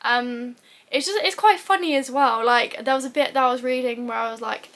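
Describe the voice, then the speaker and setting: A woman's voice: fairly high pitch, fairly quick, fairly bright tone. A young woman chatting casually about books as a vlogger, full of fillers and giggles. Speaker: book vlogger. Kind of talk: casual book review chat.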